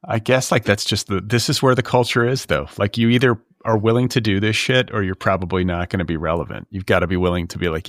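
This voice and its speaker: Casting note: middle-aged male podcast host, low voice, dry close recording, rambling and exasperated. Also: fairly quick, no room sound. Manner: rambling, filler-heavy, exasperated. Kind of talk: casual comedic chat. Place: Los Angeles.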